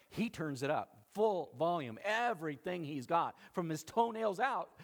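A male pastor preaching a sermon with animated, dramatic storytelling, acting out the quotes. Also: high voice, measured pace, few pauses.

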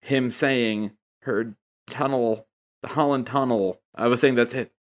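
A man's voice: medium pitch, steady tone, measured pace. A man in a casual podcast chat, explaining jokes at length to his co-hosts. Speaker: podcast co-host.

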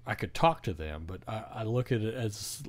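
A man hosting a casual podcast chat, relaxed and reflective, chiming in with laughs. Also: on the low side, normal speed.

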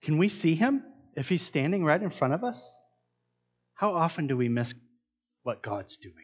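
A man's voice: fairly high pitch, big pitch swings, moderate pace, dull audio. A man preaching a sermon, earnest and asking his listeners many questions. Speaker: pastor.

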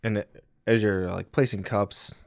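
A man running a tabletop game, loud, profane and joking as he banters with his players. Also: lowish voice, fairly even intonation, a little slow, vocal fry, clear, resonant tone, dry recording, studio quality. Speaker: game master.

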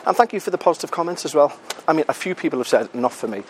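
A man's voice: on the high side, racing, slight background noise. A British podcast host, a man, chatting casually and self-mockingly while out walking, a little out of breath, with the odd swear word. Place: outdoors on a city street.

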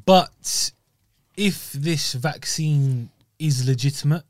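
A man, co-hosting a podcast in casual chat, talking in a measured, reasoning way. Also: on the high side, darkish tone, dry recording, studio quality. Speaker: podcast co-host.

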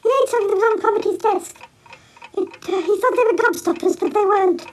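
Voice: very high voice, a little fast, a little hiss or hum. A performer voicing Ig, a timid, worried helper who stammers and hesitates and is out of breath. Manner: hesitant, many ums and stammers.

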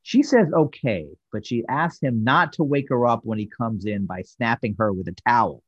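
A man's voice: mid-range voice, moderate pace, slightly rough, no echo, dull audio. A man hosting a podcast and recapping a TV episode casually, acting out the characters' lines as he tells it. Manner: animated storyteller, acting out quotes. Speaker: podcast host.

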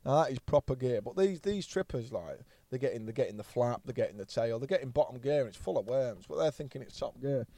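A man's voice: medium pitch, expressive, fast, hardly any pauses, warm tone, no echo. A man, a podcast guest telling rambling anecdotes bluntly and swearing freely. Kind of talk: casual storytelling chat.

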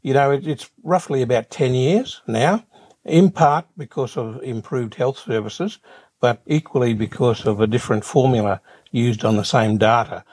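An older Australian man answering interview questions in a measured way, often repeating words as he thinks. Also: mid-range voice, darkish tone. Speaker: interview guest.

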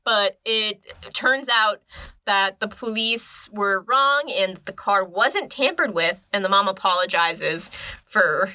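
A woman's voice: medium pitch, slow, bright, forceful tone. A woman casually recapping a story for a co-host, chatty, often saying "like" and laughing. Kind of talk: casual chat.

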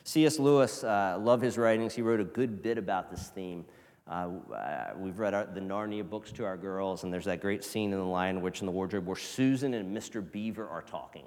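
A male pastor giving a casual, conversational sermon, swinging from loud emphasis to hushed near-whispers. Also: deep voice, normal speed. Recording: long reverb of a large hall.

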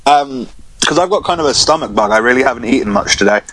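A man's voice: medium pitch, expressive, fast, fairly bright tone, a little hiss or hum, poor audio. A young man co-hosting a podcast, chatting casually with lots of restarts and swearing. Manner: rambling, swears often, frequent restarts. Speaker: podcast co-host. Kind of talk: casual chat.

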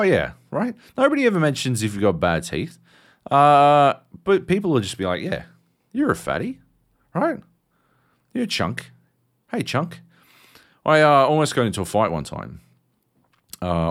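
An Australian man in his thirties co-hosting a casual podcast chat. He tells stories with lots of swearing. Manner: animated, swearing storyteller, jumps high in pitch for quoted outbursts. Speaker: podcast co-host.

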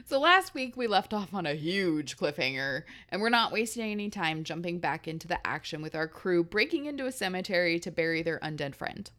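Lively swearing woman podcast host. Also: lowish voice, fairly quick, hardly any pauses. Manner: lively, swears, laughs often. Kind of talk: casual podcast chat.

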